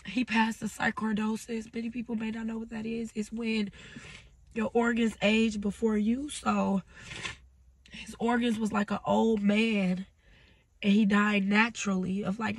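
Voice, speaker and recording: A woman talks through tears in a personal vlog, her voice gravelly and husky. She speaks haltingly, pausing and falling to near-whispers. The sound is dry and close, with no room around it. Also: mid-range voice, dry recording. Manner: halting, breaks off, drops to whispers. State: tearful. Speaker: vlogger.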